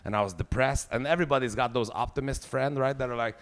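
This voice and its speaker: A man's voice: medium pitch, fast talker, hardly any pauses, fairly bright tone. A man in his forties with a Québécois French accent, doing a profane, ranting stand-up comedy set. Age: 40s. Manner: profane, ranting, swears heavily.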